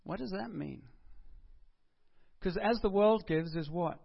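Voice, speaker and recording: A man's voice: high-pitched, slow, gravelly, husky. A man preaching a sermon in an earnest, conversational way, asking his listeners rhetorical questions. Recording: dull lo-fi recording.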